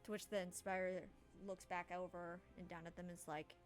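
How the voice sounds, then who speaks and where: A woman narrating a tabletop game as game master, casual and quick to laugh at herself. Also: on the low side, level tone, faint music behind. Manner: laughing, self-deprecating, casual.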